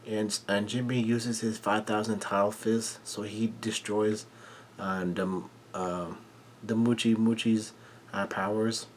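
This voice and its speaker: A man casually recapping a manga chapter in halting, run-on sentences full of "and" and "uh" fillers. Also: lowish voice, level tone, slight background noise.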